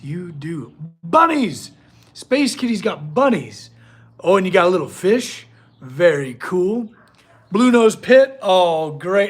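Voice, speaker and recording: A man hosting a casual livestream from his workshop, chatting with viewers and talking to his dog. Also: sits high. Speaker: blacksmith livestream host.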